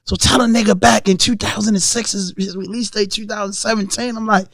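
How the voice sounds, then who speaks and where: A man's voice: sits high, fairly even intonation, brisk, creaky, fairly bright tone, no echo, clean studio sound. A man in his thirties with a Baltimore accent, telling stories in a casual podcast chat and acting out the voices of the people in them. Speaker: podcast guest.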